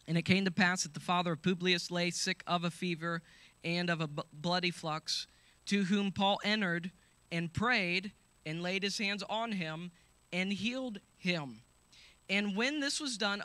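A man preaching a sermon, reading scripture aloud, calling out hallelujahs and shouting the healing commands. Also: sits high, dry recording. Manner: calls out to the congregation with hallelujahs.

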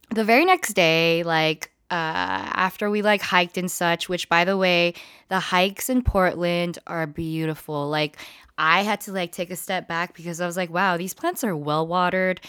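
A woman's voice: on the low side, smooth, no echo, studio quality. A woman vlogger telling a casual storytime to her viewers, chatty and full of swearing. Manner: chatty, profane, animated retelling.

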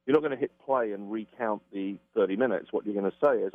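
Man as interview guest, lowish voice, dry tinny phone-line sound, emphatic, acts out examples. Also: quick pace, no room sound. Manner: emphatic, acts out quoted reactions. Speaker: communication expert guest. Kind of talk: conversational interview explanation.

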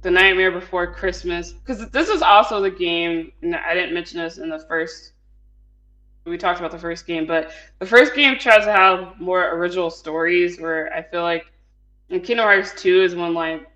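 A man's voice: high voice, moderate pace, pushed and bright, highs cut off. A man chatting casually as a podcast co-host, rambling with many fillers and frequent laughs. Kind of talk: casual chat.

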